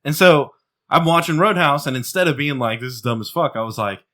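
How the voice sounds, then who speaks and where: A man's voice: a little high, expressive, brisk, fairly bright tone. A man hosting a podcast in casual, profane banter, laughing often. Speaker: podcast host.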